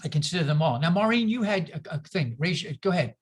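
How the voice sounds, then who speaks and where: A man's voice: a little high, lively intonation, quick pace, husky. A man leading a group discussion over a video call, telling a personal story earnestly and rambling with many restarts.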